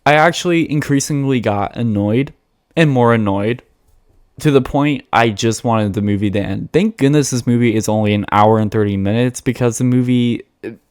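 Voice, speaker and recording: A man's voice: medium pitch, normal speed, darkish tone, smooth. Chatty, blunt male film reviewer. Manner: chatty and blunt, with many fillers and restarts. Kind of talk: casual film review to camera.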